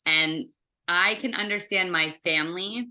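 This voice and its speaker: A woman from Maryland chats as an interview guest. Her voice sits low but sounds bright and forceful. She tells family stories with animation. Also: unhurried. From Maryland, USA. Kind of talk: casual interview conversation.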